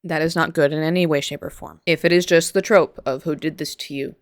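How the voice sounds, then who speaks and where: A young woman with a low voice, talking casually to camera in an animated, rambling way, stopping and restarting her thoughts. The sound is close and dry, with no room echo. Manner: rambling, animated, many restarts and asides, quick laughs. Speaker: video essayist.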